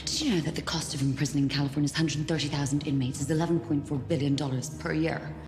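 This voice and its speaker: A woman's voice: low voice, steady tone, fast, darkish tone. An actress playing a wealthy, poised, darkly playful woman in a film, with a dry, matter-of-fact delivery. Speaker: film character.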